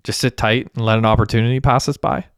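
A man voicing a young male roommate who argues calmly and persuasively for a scheme. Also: medium pitch, fast talker, smooth, no echo, studio quality, natural voice. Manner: calm, persuasive reasoning.

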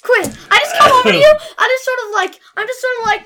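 A woman's voice: very high-pitched, quick pace, heavy background noise. A woman playing a tabletop game, giggly and rambling, filling her lines with "like". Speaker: player.

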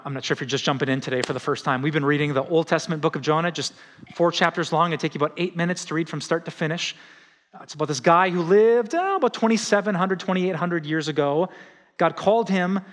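Middle-aged male pastor, conversational sermon delivery, slightly high voice, long hall reverb. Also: fast talker. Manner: animated, conversational preaching with acted-out quotes.

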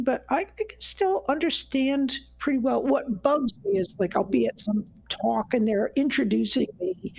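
A woman's voice: fairly high pitch, vocal fry, a little mellow, breathy edge, dry recording, rough recording. A woman expert chatting about how learning works, rambling with many restarts and fillers. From United States. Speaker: neuroscience guest expert. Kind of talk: conversational explanation.

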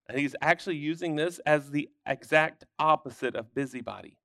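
A man's voice: on the high side, fairly quick, hardly any pauses, fairly bright tone, no room sound, studio quality. A man teaching a Sunday school Bible lesson, explaining scripture with emphatic bursts.

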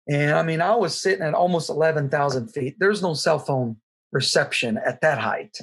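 A middle-aged man telling a personal story in an earnest, halting way, with frequent restarts. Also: fairly high pitch, fairly bright tone, slightly rough. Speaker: guest sharing his testimony.

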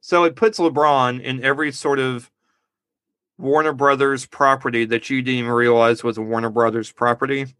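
A man co-hosts a casual movie review podcast, rambling and laughing at his own jokes. His mid-range voice is clear, resonant, and fairly bright, with fairly even intonation at normal speed and no echo.

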